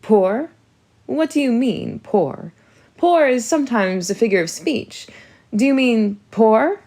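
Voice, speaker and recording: A woman's voice: on the high side, expressive, darkish tone, voice pushed up. A woman voicing a vain, pouting middle-aged stepmother in a storybook reading. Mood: distraught. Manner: pouty, whiny, drawn-out.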